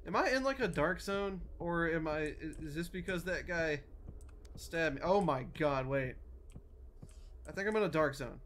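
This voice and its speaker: A woman's voice: sits low, a little slow, slight background noise. A woman streaming a game, jumpy and nervous, talking to herself and her chat and swearing often. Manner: nervous, wavering loudness. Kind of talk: live gameplay commentary.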